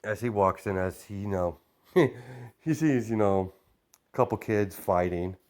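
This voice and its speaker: Rambling deep-voiced young man telling a story. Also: measured pace, darkish tone. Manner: rambling, constant "you know" fillers. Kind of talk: improvised fan-fiction storytelling.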